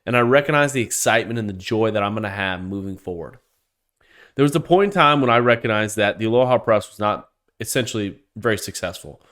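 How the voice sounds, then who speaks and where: Fast and fairly bright, with a lowish pitch and lively intonation, this man tears through a solo podcast rant full of profanity. As he heats up he stumbles, restarting and repeating words.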